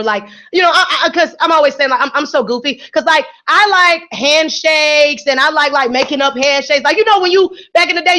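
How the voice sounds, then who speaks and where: A woman hosting a radio show, giving energetic, playful motivational talk to her listeners. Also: high-pitched. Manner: energetic, playful, preachy and encouraging.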